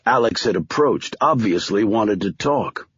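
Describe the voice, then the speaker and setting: A husky-voiced man reads a thriller audiobook in a measured, expressive style, his pitch moving a lot across each line. The recording is dry and close, with a slightly dull, lo-fi tone. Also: dry recording. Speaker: audiobook narrator. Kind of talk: scripted thriller narration.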